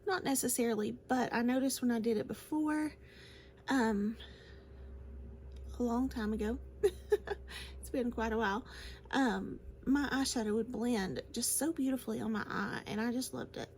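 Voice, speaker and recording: A woman's voice: fairly high pitch, moderate pace, pauses often, darkish tone, a little hiss or hum. A woman chatting casually through a makeup tutorial, gushing and laughing often as she talks. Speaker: beauty vlogger.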